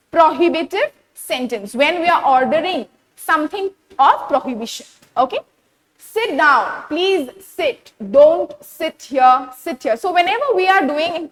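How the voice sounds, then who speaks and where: A woman's voice: high voice, fairly bright tone, rough recording. A woman with an Assamese accent teaching an English grammar lesson, explaining step by step and often checking with "okay?" and "what?". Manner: switches between English and Assamese.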